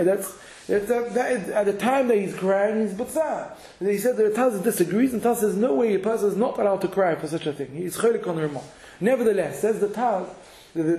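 A man giving a halachic lesson to a class, halting and repeating words as he mixes in Hebrew and Yiddish terms. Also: sits high, warm tone. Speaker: Torah teacher. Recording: echoey room.

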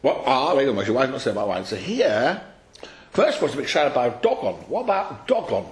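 A man teaching a study class, explaining a text to his students in an animated, questioning way and calling on them by name. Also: medium pitch, fast. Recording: echoey room.

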